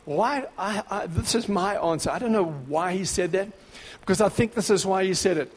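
A man preaching a sermon, dramatic, dropping to a hush and then rising to shouts. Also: sits high, moderate pace, breathy edge. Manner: dramatic, swings between hushed and shouting. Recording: long hall reverb.

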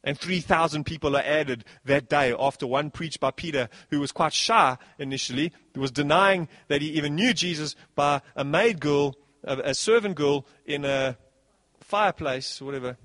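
A man preaching a sermon as pastor, animated, swinging between soft passages and loud bursts. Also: on the high side, normal speed, no room sound.

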